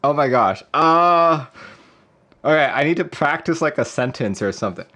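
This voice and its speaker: A man's voice: a little high, expressive, normal speed, sharp tone. A man hosting a casual livestream, rambling and chuckling as he reads viewer messages. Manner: rambling, chuckling, reading chat aloud. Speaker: livestream host. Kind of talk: casual live-stream chat.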